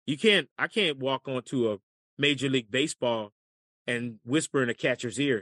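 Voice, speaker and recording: A man from the United States, a caddie and broadcaster, telling animated stories in a podcast interview and acting out the voices of people in them. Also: medium pitch, normal speed, no echo, studio quality. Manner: animated storyteller acting out voices, laughing often.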